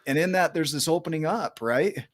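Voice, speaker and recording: A man's voice: fairly high pitch, normal speed, no echo, clean studio sound. A man hosting a podcast interview, talking emphatically and enthusiastically, often checking in with "right?". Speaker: podcast host.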